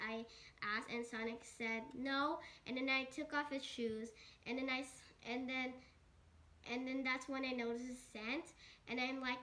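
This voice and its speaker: A child storyteller making up a rambling story with lots of restarts and "and then.". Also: female voice, high-pitched, fairly even intonation, measured pace, sharp tone. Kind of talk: improvised kid's story.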